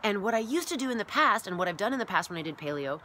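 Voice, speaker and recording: Chatty woman with a bright, forceful voice. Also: medium pitch, rapid-fire, a little hiss or hum. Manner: rambling and chatty, full of "like" and "you know"; animated, acts out her own past thoughts. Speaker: massage therapist and wellness coach. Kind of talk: casual vlog monologue.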